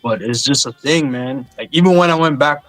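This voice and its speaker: A man's voice: medium pitch, fairly quick, fairly bright tone. A middle-aged man from Saint Lucia in casual podcast chat, telling stories animatedly and swearing freely. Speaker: podcast co-host.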